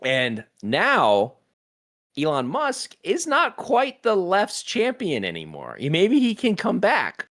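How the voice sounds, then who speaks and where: A man's voice: high voice, slow. A man co-hosting a casual podcast, ranting about a pet peeve with lots of swearing and frequent laughter. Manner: profane, animated, laughing often. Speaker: podcast co-host.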